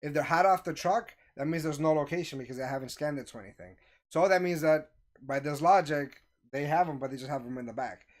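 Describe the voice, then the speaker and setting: Animated man telling a story. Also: on the high side, a little fast. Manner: animated, acts out quoted voices. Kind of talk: casual storytelling.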